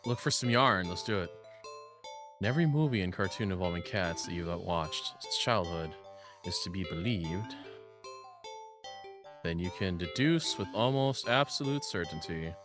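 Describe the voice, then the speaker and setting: A man's voice: low voice, animated, moderate pace, long pauses, music in the background. A man playing a text game, reading its narration aloud and breaking off into giggly, self-deprecating asides. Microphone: studio shotgun mic on a boom arm.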